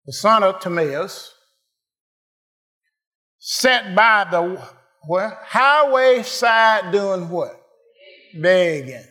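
A man preaching a call-and-response sermon, asking the congregation questions and rising to shouted answers. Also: sits high.

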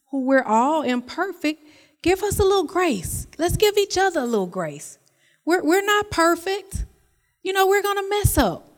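A woman's voice: fairly high pitch, in a large hall. A woman preaching a sermon in a church, talking to the congregation and repeating her phrases. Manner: conversational preaching, repeats phrases, tells personal stories.

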